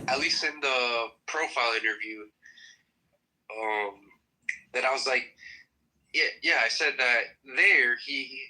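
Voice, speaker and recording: A man with a very bright voice recounts an earlier talk in a group chat. He restarts often and leans on fillers. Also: mid-range voice, low-quality recording. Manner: halting, full of fillers and restarts. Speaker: regular in the chat room.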